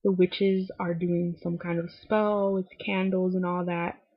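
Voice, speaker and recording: A young woman recapping a TV episode in casual chat, full of "like"s and swearing, feeling a little low. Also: level tone, measured pace, slightly rough, dry recording. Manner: talkative, many "like"s, swears freely, acts out lines in quotes. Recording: dull lo-fi webcam audio.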